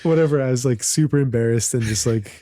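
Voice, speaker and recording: Mellow-voiced man telling rambling stories. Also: mid-range voice, steady tone, a little fast, dry recording, clean studio sound. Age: late 30s. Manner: rambling with many "like" fillers, swearing. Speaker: podcast co-host. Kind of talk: casual storytelling chat.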